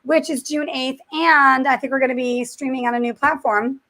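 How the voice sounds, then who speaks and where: A high-voiced woman co-hosts a relaxed live stream over a video call. She cuts in with dry, quick one-liners, then takes charge of signing off. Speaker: co-host. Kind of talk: casual live-stream chat.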